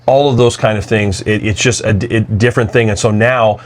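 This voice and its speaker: A man's voice: lowish voice, steady tone, a little fast, slight background noise. A man co-hosting a podcast, talking in an earnest, reflective way with frequent restarts. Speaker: podcast co-host. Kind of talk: casual conversational podcast talk.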